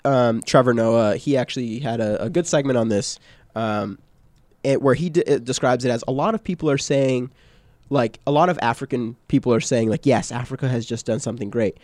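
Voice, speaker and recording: A man's voice: mid-range voice, fairly quick, darkish tone, dry recording. A man co-hosting a casual podcast chat, talking loosely with many fillers, restarts and tag questions. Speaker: podcast co-host.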